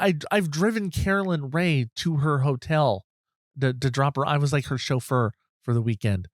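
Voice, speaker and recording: A middle-aged podcast host tells a self-deprecating anecdote in a casual, rambling way, often restarting his sentences. His voice is on the high side, captured in a dry, clean studio recording.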